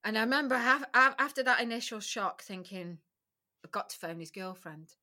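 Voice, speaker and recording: A woman's voice: on the high side, animated, brisk, bright, forceful tone. A middle-aged woman, a podcast guest, recounting a personal story candidly and emotionally, with frequent restarts and occasional swearing.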